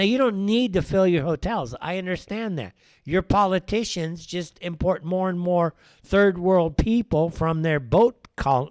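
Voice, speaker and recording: A man's voice: on the high side, darkish tone, no room sound. A man hosting a live political talk show, ranting in an opinionated way and firing off rhetorical questions. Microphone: wears headphones while speaking.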